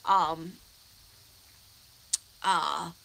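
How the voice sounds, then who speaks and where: On a live-stream Q&A, a thirties-aged American woman and vlogger chats casually, rambling emotionally with lots of restarts and fillers while teary and close to crying. Her voice sits low and steady, with drawn-out words and a gravelly, pushed, bright quality. There's slight background noise.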